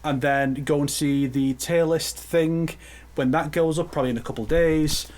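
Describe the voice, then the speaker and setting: A man's voice: fairly high pitch, steady tone, normal speed, a little mellow. A man with an English accent co-hosting a casual podcast, chatty and prone to repeating himself. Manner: chatty, repeats words, swears. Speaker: podcast co-host.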